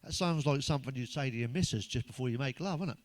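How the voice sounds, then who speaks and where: An English man doing a stand-up routine of crude, blunt one-liners, full of swearing, who pitches up when he quotes other people. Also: fast, no echo. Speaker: stand-up comedian.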